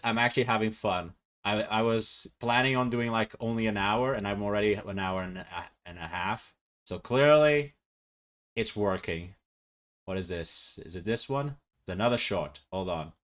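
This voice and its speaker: A man's voice: lowish voice, fairly bright tone. A male VTuber streamer chatting casually, rambling and laughing often.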